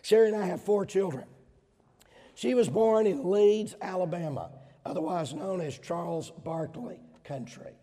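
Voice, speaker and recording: A middle-aged man from Georgia with a Southern accent, preaching a sermon emphatically, swinging between loud stressed words and quieter asides. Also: sits high, expressive, unhurried. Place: large hall with audience. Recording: hall reverb.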